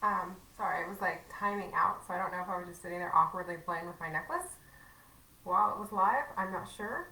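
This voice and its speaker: Woman, casual livestream trainer, chatty, self-mocking, bright voice, echoey room. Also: lowish voice, fairly quick, far from the mic.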